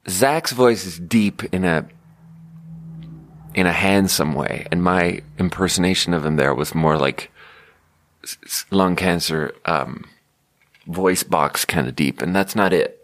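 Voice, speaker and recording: Man, 30s, comedic podcast host, rambling and sarcastic, slightly low voice. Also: measured pace, pauses often, a bit bright, no echo. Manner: rambling, sarcastic, self-interrupting. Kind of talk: rambling comedic storytelling monologue.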